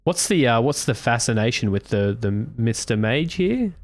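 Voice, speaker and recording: A man's voice: medium pitch, big pitch swings, normal speed, no echo. A man, a player role-playing his character in blunt, slangy, swearing talk. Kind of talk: casual in-character role-play.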